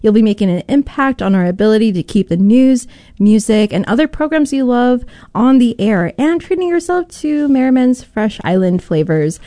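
A woman arts reporter in a radio studio, bubbly as she pitches pledge gifts and reads promo copy. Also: animated, moderate pace, warm tone, dry recording.

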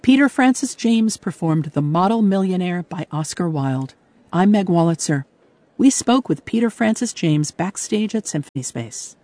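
A woman's voice: on the low side, animated, normal speed, warm tone. A woman hosting a literary radio program, delivering thoughtful scripted commentary from a studio. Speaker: radio show host. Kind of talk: scripted broadcast narration.

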